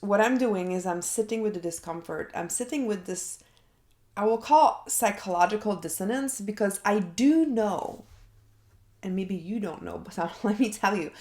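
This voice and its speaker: Slow, reflective woman coach in a roomy echo. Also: medium pitch, darkish tone. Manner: reflective, thinking aloud with sighs and laughs. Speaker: life coach. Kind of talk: unscripted self-coaching monologue.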